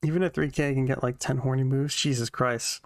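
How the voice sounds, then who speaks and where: A woman's voice: extremely low pitch, steady tone, a little fast, no echo, studio quality. A woman streaming a video game, chatting casually with her viewers in a giggly, self-conscious way from her home. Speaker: vtuber streamer. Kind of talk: casual let's-play commentary. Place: home room.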